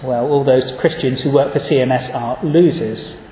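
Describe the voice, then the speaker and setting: A man giving an earnest, measured sermon and reading scripture verses aloud, recorded in a church. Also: medium pitch, darkish tone, slight background noise. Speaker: preacher. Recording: echoey church hall.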